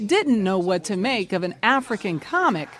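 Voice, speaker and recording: A woman correspondent narrating a news feature in a measured, polished reporter delivery. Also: mid-range voice, big pitch swings.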